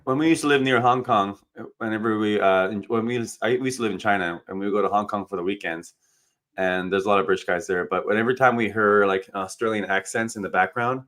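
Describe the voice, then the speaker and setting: Deep-voiced man, eager chat. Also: steady tone, fast, a bit bright. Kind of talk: casual chat.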